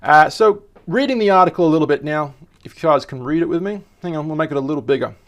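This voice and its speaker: A man's voice: a little high, fast. A man hosting a casual tech vlog, rambling and joking as he reads an article aloud and stumbles over words. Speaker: tech vlogger.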